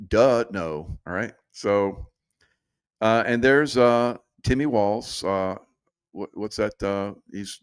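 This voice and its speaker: Smooth low-voiced man, chatty commentary. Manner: chatty, laughs often, drifts off point. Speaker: show host. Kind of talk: casual commentary.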